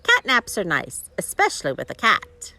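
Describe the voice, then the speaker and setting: A woman's voice: medium pitch, wildly swooping pitch, moderate pace, bright, forceful tone, exaggerated voice. A woman voicing a jovial, teasing middle-aged husband in a storybook read-aloud.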